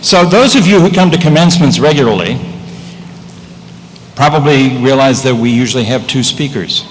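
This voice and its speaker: A man serving as master of ceremonies, introducing the next presentation in a plain, steady way. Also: mid-range voice, moderate pace. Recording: echoey hall, faint noise.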